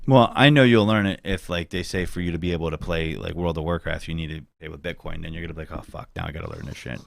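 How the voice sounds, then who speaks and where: A man's voice: sits low, fairly even intonation, quick pace, creaky, no room sound. A man hosting a casual podcast, rambling and cursing freely as he tells stories. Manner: rambling, swears freely, does mocking voices. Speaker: podcast host.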